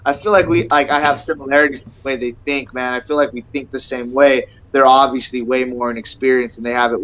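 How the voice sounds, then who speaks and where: A man's voice: mid-range voice, fairly even intonation, fast talker, fairly bright tone. A young man, a fighter guest on a podcast, talking eagerly and rambling, with "bro" and "man" at every turn. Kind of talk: casual interview chat. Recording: dull lo-fi sound.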